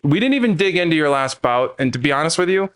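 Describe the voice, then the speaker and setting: A man's voice: a little high, very animated, fast talker, a bit bright, clear, resonant tone. A man hosting a podcast in casual chat, joking and swearing freely as he rants. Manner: profane, joking, ranting. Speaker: podcast host.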